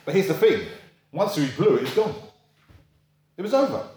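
A man's voice: big pitch swings, normal speed, a little mellow, echoey room. A man preaching a sermon in a conversational storytelling way, asking rhetorical questions and acting out quoted voices. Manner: acts out quoted voices in a high pitch.

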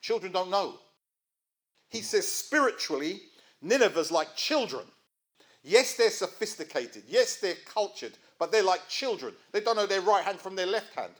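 A man's voice: sits high, expressive, moderate pace, fairly bright tone. A middle-aged man, preaching a sermon in a conversational way and asking his listeners questions. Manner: conversational, asks the audience rhetorical questions.

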